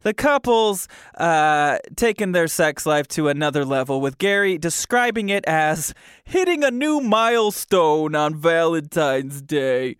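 A male podcast host who talks with lively, bouncing pitch and a smooth, clear tone. He sounds amused and easygoing, with plenty of fillers. The sound is dry and close to the mic. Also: a little slow, no room sound. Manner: animated, amused, with many fillers. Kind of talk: casual podcast monologue.

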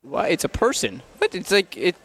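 A man's voice: sits high, huge pitch swings, moderate pace, vocal fry, fairly bright tone, breathy edge. A man answering questions hesitantly in casual banter, sheepish and stammering, speaking further from the mic.

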